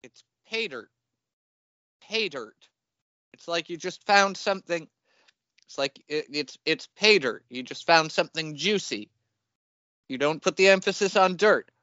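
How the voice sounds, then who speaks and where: Exasperated male theater director, insistent and patient, played by a man in a story. Bright, dry sound. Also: on the high side, moderate pace, no echo, dull audio.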